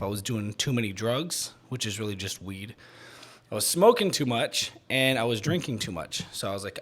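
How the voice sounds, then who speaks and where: A man's voice: fairly low pitch, expressive, fairly quick, fairly bright tone. A man hosting a solo podcast, talking in a rambling, self-deprecating way with lots of restarts, a bit out of breath. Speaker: podcast host.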